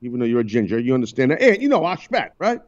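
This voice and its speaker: A man's voice: medium pitch, big pitch swings, racing, lo-fi sound. A man hosting a radio talk show, chatting loosely and teasing his co-hosts. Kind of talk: casual on-air banter.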